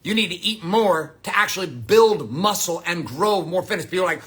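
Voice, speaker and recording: A man's voice: high voice, animated, normal speed, hardly any pauses, a bit bright, breathy edge. A man giving a blunt, profane motivational monologue as a coach.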